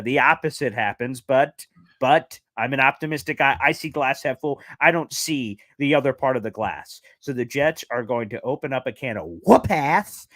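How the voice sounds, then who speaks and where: A man's voice: mid-range voice, a bit bright, dry recording. A man hosting a casual sports podcast, upbeat and slangy with hyped sign-offs. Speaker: podcast host.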